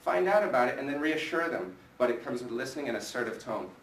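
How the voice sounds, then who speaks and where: A man's voice: mid-range voice, animated, quick pace, a bit bright, slight background noise. A man leading a live sales training in front of a group, coaching energetically and asking the room questions. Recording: echoey room from a distance with faint ambience.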